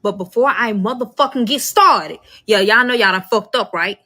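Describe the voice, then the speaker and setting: Young woman storyteller, bright tone, animated and profane, mid pitch. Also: normal speed, few pauses. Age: young adult. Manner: profane, emphatic, animated, acts out quotes. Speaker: storyteller in a social media clip. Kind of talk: casual storytelling to viewers.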